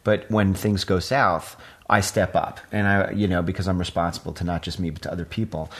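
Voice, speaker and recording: Middle-aged man, fairly low voice, candid and rambling, casual podcast guest chat. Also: flat delivery, a bit bright. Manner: candid, rambling, quick to tell anecdotes.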